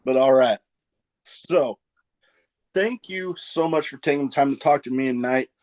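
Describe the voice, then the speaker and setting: A man with a mid-range voice hosts a casual podcast interview. He talks in a relaxed, chatty way and swears now and then. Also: medium pitch, measured pace. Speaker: podcast host.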